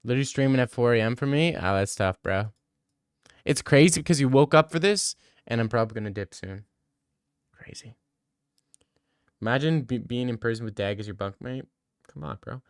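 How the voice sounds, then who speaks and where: A man's voice: mid-range voice, a little fast, clear, resonant tone, no room sound, studio quality. Brash, sweary young man streaming. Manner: brash, joking, swears a lot. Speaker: streamer answering chat. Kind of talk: casual live-stream chat.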